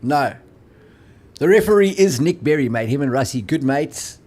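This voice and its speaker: A man's voice: on the high side, lively intonation, moderate pace, darkish tone. A man co-hosting a casual sports chat, teasing and joking and often saying "mate". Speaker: podcast co-host.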